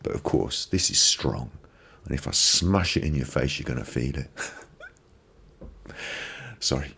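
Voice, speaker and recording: Live-stream host, male, very low and husky, reflective motivational talk with lots of repetition. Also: expressive, unhurried, bright, forceful tone. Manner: reflective, repeats phrases for emphasis. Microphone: binaural microphone.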